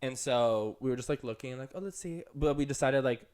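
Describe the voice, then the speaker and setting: A young podcast co-host tells a long story in casual, rambling chat, full of "like" and "um." His voice is brisk and a little mellow, jumping up high for quoted voices and laughter.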